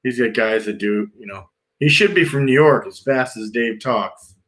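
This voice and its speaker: A man's voice: medium pitch, normal speed, a bit bright. A man working as a pool designer, talking casually and reassuringly with clients about a backyard plan.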